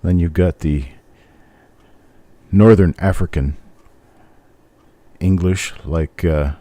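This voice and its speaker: A deep, mellow older man with a plain general American accent talks loosely to his live-stream viewers, rambling from one thought to the next with an easy chuckle. His voice is low and warm, and the sound is dry and close, with no room around it. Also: slow pace, no room sound. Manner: rambling, easygoing, chuckles often. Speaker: host of a live coin roll hunt stream. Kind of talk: casual live-stream chat answering viewers.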